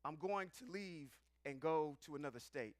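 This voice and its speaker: A man voicing a smooth, deep-voiced partner in trouble, with a low crooning delivery. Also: lively intonation, normal speed, no room sound, clean studio sound, lightly acted. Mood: grave.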